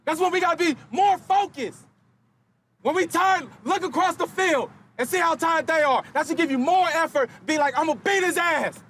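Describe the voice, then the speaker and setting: A man giving a fired-up, profane motivational speech to his football team, shouting much of it. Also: very high voice, moderate pace, a little hiss or hum. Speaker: football player addressing team. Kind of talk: locker-room motivational speech.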